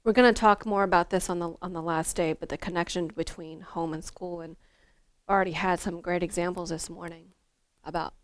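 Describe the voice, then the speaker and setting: A woman's voice: lowish voice, no echo. A woman, a former school counselor, leading a teacher workshop in a conversational, storytelling way with fillers and restarts.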